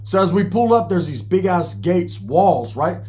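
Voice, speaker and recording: A man's voice: high-pitched, very animated, a little slow, darkish tone. A man telling a wild personal story in casual, profane, slang-filled talk, acting out the people he quotes.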